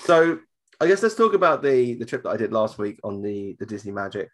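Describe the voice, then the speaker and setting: A man's voice: on the low side, a little fast. A man from southern England, co-hosting a casual podcast chat, jokey and prone to restarting his sentences. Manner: chatty, jokey, repeats himself when restarting. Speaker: podcast co-host.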